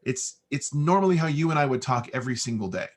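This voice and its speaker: A man's voice: mid-range voice, quick pace. A male voice-over artist with an American accent, talking casually and conversationally in an interview. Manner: relaxed, conversational, easy-going.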